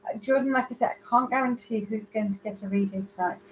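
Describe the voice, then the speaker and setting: Rambling woman medium on a live stream, a little muffled, soft background hum. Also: medium pitch, fast. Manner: chatty, rambling, searching for words. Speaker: psychic medium. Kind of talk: live online reading.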